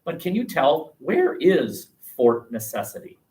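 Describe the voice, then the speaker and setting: A man lecturing a classroom with a lively, rising and falling voice, firing questions at the students and tossing in wry jokes. He sits a little high in pitch, and the sound is caught by a webcam some distance away in the room. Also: a little slow. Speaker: history teacher. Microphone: webcam across the room.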